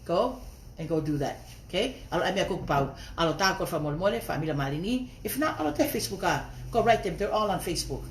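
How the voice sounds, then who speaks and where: Young woman, heated live-stream rant, rapid and lively, roomy echo. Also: fairly low pitch, a little hiss or hum. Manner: confrontational, mixing Tongan and English. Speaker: livestreamer.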